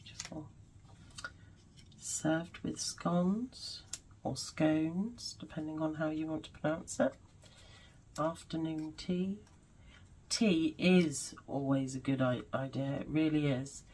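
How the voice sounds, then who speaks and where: Brief: woman vlogger, low and unhurried voice, gushing over crafts at home. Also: steady tone, a little mellow, rough recording. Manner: gushing, musing aloud. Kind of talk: casual crafting commentary.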